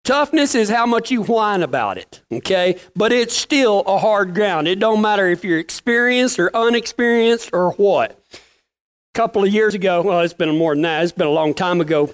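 A working cowboy spins casual stories in a plain-spoken, folksy way, sprinkling in rural slang. His voice sits in the mid range, animated, at a moderate pace.

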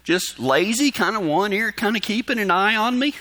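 A man's voice: high voice, expressive, moderate pace, sharp tone. A man preaching, telling a folksy story and chuckling often as he talks. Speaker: pastor. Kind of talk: storytelling sermon.

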